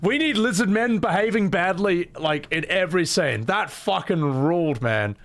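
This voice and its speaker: A young man casually commentating his first playthrough of a game, excitable and self-mocking, laughing and swearing as he goes. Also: high-pitched, unhurried. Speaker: streamer voicing game characters. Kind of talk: casual let's-play commentary.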